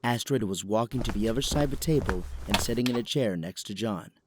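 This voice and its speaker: A man narrating a story in calm, even scripted narration for an audio drama. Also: lowish voice, brisk, background noise.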